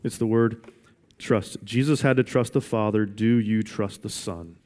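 A man's voice: fairly low pitch, steady tone, a little slow, darkish tone. A man preaching a sermon as pastor, emphatic and repeating his questions for weight. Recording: long reverb of a large hall.

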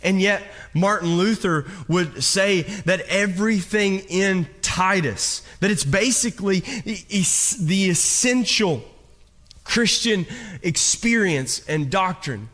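Slow and animated, this pastor's high-pitched voice carries a slight brightness. His sermon turns to a personal story told straight to the congregation, with many false starts and repeated words.

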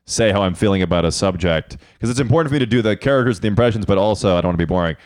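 A man's voice: lowish voice, rapid-fire. A young man, a guest comedian, chatting casually on a podcast as a rambling, joking storyteller.

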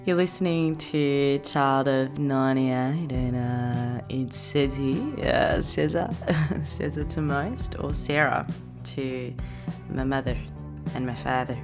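A woman's voice: rumbling low, steady tone, takes it slowly, over music. A young Australian woman hosting her own podcast, rambling and giggly in a casual chat, swearing freely. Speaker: podcast host.

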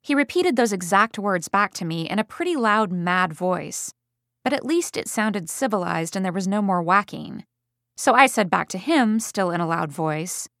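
A woman's voice: medium pitch, expressive, normal speed, vocal fry, a bit bright, dry recording, studio quality. A woman reading a first-person parenting story in a chatty, wry way. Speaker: audiobook reader of a parent's story.

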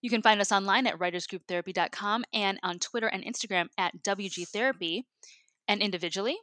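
A woman's voice: mid-range voice, fast talker, pushed and bright, no echo. Upbeat woman co-host, dry close sound. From Michigan, USA. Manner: upbeat, laughs easily. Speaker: podcast co-host. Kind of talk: casual chat.

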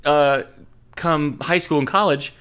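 A man's voice: a little high, measured pace, fairly bright tone, smooth. A young man hosting a podcast, telling rambling sports stories in casual chat, swearing freely. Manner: profane, rambling storyteller. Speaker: podcast host.

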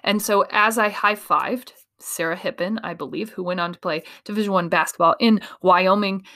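Speaking at a moderate pace in a medium pitch, this Iowa woman coaches and motivates with real emphasis. She's animated and performs quoted voices as she goes.

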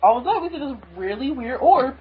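A woman's voice: sits high, expressive, fast talker, dull audio. A woman co-hosting a podcast, recapping a manga chapter in a giggly, enthusiastic casual way. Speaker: podcast co-host.

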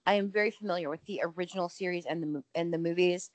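A woman, around her forties, co-hosting a casual podcast, talking in an animated, emphatic way and swearing freely. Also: fairly low pitch, very fast, dry recording. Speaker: podcast co-host. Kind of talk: casual chat.

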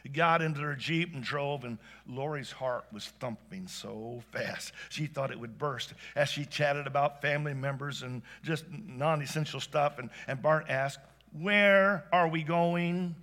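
A man telling a heartfelt story aloud, animated and swinging between hushed and excited delivery. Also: mid-range voice, normal speed, hardly any pauses. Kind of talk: expressive spoken storytelling.

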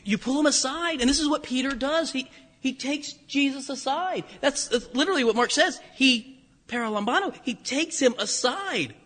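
Man preacher, high bright voice, animated storyteller, long hall echo. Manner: animated storytelling with laughs and acted-out quotes. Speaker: pastor. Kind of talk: sermon.

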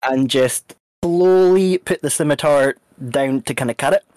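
A player in a tabletop game who loosely describes their character's moves, hedging and restarting as they go. The sound is dry and close, and the pitch sits in the middle. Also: normal speed, darkish tone, no echo. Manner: loose, hesitant describing of actions. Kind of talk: casual tabletop game play.

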